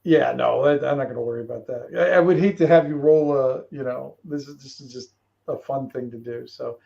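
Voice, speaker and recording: A man narrating as game master of a tabletop game in a relaxed, rambling way. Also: mid-range voice, a little fast, vocal fry, lo-fi sound.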